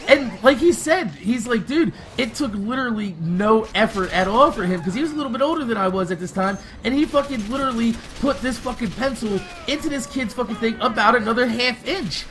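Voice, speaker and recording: A young man with a voice pitched notably high for a man tells a loose, rambling story over gameplay. He swears constantly and laughs as he goes, sounding like a casual storytime video with a faint hiss of noise underneath. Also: a bit bright. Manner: rambling, heavily profane, laughing often. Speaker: gaming video creator.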